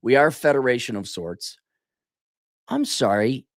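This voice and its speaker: A man's voice: mid-range voice, animated, normal speed. A man from Minnesota hosting his own opinion monologue, with a voice that swings widely up and down as he rants. He often stops to correct himself and throw in asides. The sound is close and dry, with no room echo. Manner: opinionated, ranting, with frequent self-corrections and asides. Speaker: commentator.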